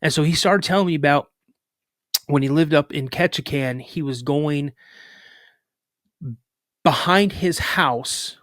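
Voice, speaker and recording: A man's voice: a little high, a little slow, long pauses, no echo. Man telling a story, dry close sound. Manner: lively retelling with filler words and restarts. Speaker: podcast guest. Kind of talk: casual spoken storytelling.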